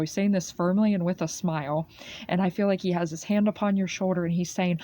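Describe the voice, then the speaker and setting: A woman's voice: fairly low pitch, steady tone, fast, dark tone. A woman giving an earnest spiritual oracle card reading. She speaks repetitively, often adding "okay" and calling the listener "beautiful soul.".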